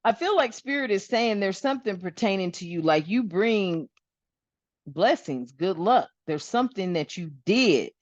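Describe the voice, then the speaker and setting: Fast-rambling woman, dull dry lo-fi recording. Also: mid-range voice, no echo. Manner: animated, rambling, swears freely. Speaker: spiritual channel host. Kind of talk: casual spiritual talk to viewers.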